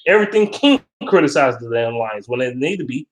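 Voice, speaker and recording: A man ranting casually and profanely about football, animated and blunt, as a vlogger. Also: medium pitch, brisk. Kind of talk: casual sports rant. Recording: roomy echo.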